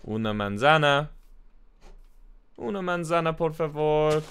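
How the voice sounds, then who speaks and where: A man's voice: a little high, lively intonation, normal speed, pauses often, fairly bright tone, smooth. A man streaming a video game, chatting playfully and joking in broken Spanish. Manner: playful, mock-Spanish banter, swearing. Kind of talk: casual live-stream chat.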